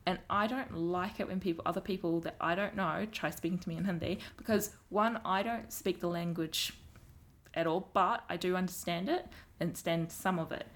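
A woman's voice: lowish voice, normal speed. A woman with a New Zealand accent, talking frankly and emphatically in a casual conversation. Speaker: guest.

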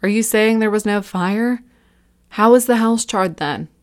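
A woman's voice: medium pitch, unhurried, natural voice. Horror story reading: a shaken young woman asking stunned questions, voiced by the woman narrator.

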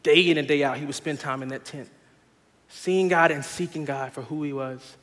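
A young male pastor preaching in a sanctuary with a long reverb tail. His voice sits a little high for a man. He swings from hushed, earnest urging to loud, laughing storytelling. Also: steady tone, moderate pace. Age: young adult. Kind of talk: sermon.

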